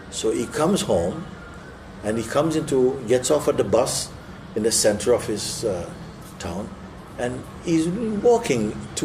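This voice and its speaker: A man who is a spiritual teacher telling a parable during a talk, vivid and animated, acting out the scenes as he goes. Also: mid-range voice, a little hiss or hum.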